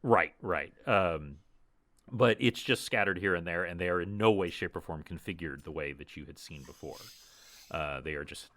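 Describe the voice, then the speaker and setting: A man narrating a tabletop game as game master on a podcast microphone, in a relaxed, rambling way with many fillers. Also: low-pitched, normal speed.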